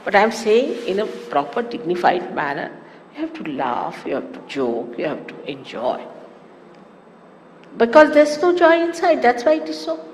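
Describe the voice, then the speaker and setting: A woman giving a spiritual talk to followers, animated and teasing with amused asides. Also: medium pitch, normal speed. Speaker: spiritual teacher. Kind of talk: sermon-style spiritual talk. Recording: echoey hall with faint hiss, archive 1989 tape.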